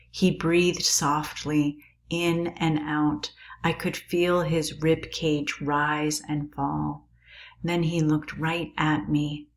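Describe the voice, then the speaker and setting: A woman reading a novel aloud in a calm, measured, quiet way. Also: low voice.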